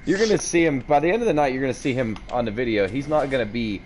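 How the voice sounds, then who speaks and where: A man's voice: medium pitch, fast, crowd noise, low-quality recording. A man teasing his friends on a gaming livestream, giggling often. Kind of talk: casual gaming chat.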